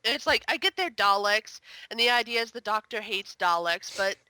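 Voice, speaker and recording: Chatty woman with a bright, dry voice. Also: on the high side, lively intonation, no room sound. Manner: chatty, exasperated, quick asides. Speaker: guest reviewer. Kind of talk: casual podcast review chat.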